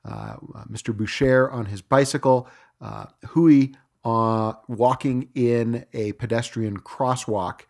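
Relaxed male podcast host, lots of uh. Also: mid-range voice, slow. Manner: relaxed, frequent "uh" fillers. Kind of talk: solo podcast news segment. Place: home studio.

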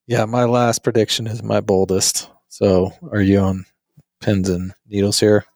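Low-voiced man with dry, teasing humor. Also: little pitch movement, unhurried, darkish tone, no echo. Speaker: podcast co-host. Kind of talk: casual podcast chat.

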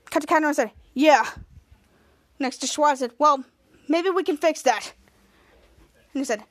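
A woman's voice: high-pitched, moderate pace, pauses often, fairly bright tone. A woman hosting a podcast, retelling a TV episode in a rambling way with many restarts and acted-out quotes. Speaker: podcast host. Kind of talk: casual episode recap.

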